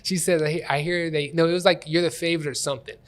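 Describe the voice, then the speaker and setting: A man hosting a comedy podcast, telling rambling, animated stories and laughing often. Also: fairly high pitch, fast. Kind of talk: casual comedic storytelling. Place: Columbus comedy scene.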